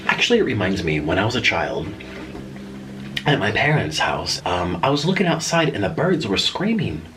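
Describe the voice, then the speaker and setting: A man's voice: lowish voice, very animated, moderate pace, background noise. A man telling a story in a casual vlog while eating noodles at home at night. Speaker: vlogger.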